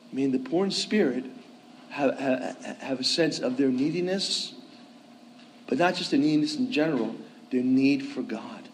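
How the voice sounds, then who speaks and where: A man's voice: mid-range voice, slight background noise, rough recording. Man preaching with frequent "okay?". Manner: conversational, frequent "okay?" check-ins. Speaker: priest. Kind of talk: sermon.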